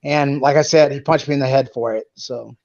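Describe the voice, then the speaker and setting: A man's voice: medium pitch, steady tone, a little fast, gravelly, a little mellow. A middle-aged man, a former pro fighter, chatting casually about his career and talking in rambling bursts with fillers and restarts. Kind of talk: casual conversation. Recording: dull lo-fi sound.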